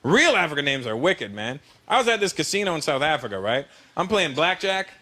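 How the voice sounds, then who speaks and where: A man performing a stand-up comedy set before a large audience, telling animated stories and acting out the people in them. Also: a little high, a little fast, heavy background noise. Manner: animated, storytelling with voices. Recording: live show with loud audience laughter.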